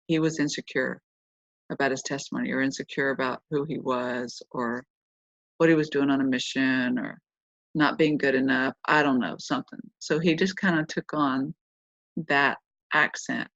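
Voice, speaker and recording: A woman's voice: rumbling low, steady tone, normal speed, creaky, dry recording. A middle-aged woman host telling a personal story in a casual, rambling way, often correcting herself as she goes. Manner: rambling, self-correcting, chatty. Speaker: podcast host. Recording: dull lo-fi dry recording.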